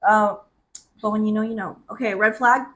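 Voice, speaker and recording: A young woman co-hosting a podcast, telling stories in a lively way, acting out what people said and laughing often. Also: medium pitch, fairly quick. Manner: animated, acts out quotes, laughs often. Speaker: podcast co-host. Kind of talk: casual chat, storytelling.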